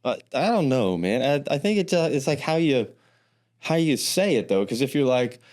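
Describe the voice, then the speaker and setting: A man's voice: mid-range voice, sing-song, normal speed, darkish tone. A man co-hosting a podcast in casual chat, rambling and hesitant with many ums and restarts. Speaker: podcast co-host.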